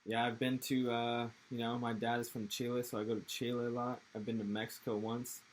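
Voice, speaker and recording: A man's voice: medium pitch, little pitch movement, a little fast, slight background noise, low-quality recording. A young man from Texas with an American accent, chatting loosely in an interview with rambling, laid-back, profane slang. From Texas, USA. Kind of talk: casual interview chat.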